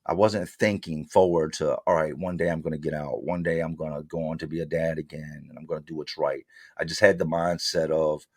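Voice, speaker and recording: A man's voice: a bass voice, little pitch movement, a little fast, no echo, clean studio sound. A man being interviewed, telling his story bluntly in street slang and acting out his past exchanges. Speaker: interview guest. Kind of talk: candid storytelling.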